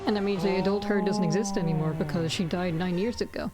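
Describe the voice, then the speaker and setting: A woman playing a game, reading its narration aloud and calmly explaining the story to a friend. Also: medium pitch, fast talker. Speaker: game player. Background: game music.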